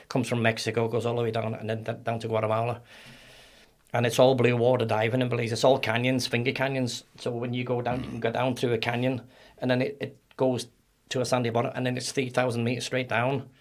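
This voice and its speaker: Middle-aged Northern Irish man, guest storyteller; flat, gravelly, halting recall. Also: mid-range voice. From Northern Ireland. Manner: halting, repeats words as he recalls. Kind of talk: casual interview storytelling.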